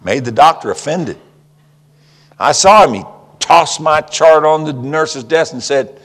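An older man preaching a folksy, humorous sermon and closing in prayer, swinging from hushed whispers to loud cries. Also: fairly high pitch, unhurried. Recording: long reverb in a hall.

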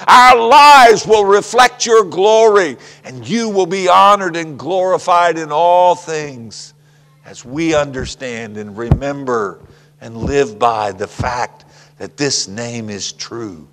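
An older man preaching a folksy, humorous sermon and closing in prayer, swinging from hushed whispers to loud cries. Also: fairly high pitch, slow pace. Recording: long reverb in a hall.

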